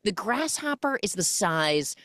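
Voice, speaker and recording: A woman hosts a podcast, recapping a film in casual chat and animatedly acting out the characters along the way. Her voice is medium-pitched and measured, recorded in studio quality with no echo.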